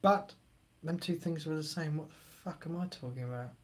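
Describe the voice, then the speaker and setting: A man's voice: a little high, a little fast. A middle-aged man, hosting a live stream and chatting casually while reading the chat aloud.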